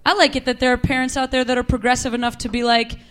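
A young woman doing a stand-up comedy set on a club stage, wry and deadpan with quick asides. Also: on the high side, slight background noise. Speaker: stand-up comic.

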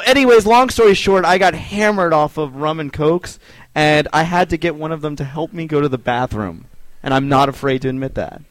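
A man's voice: a little high, a little fast, dry recording. A man in his twenties, guest on a podcast recorded in a bar, joking and swearing in casual banter. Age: 20s. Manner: joking, swearing, self-deprecating.

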